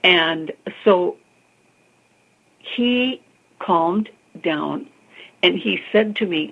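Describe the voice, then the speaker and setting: Gravelly woman on a tinny line. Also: lowish voice, very slow, long pauses. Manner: expressive, calls the listener honey and girl. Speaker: psychic medium guest. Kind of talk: animated storytelling in an interview.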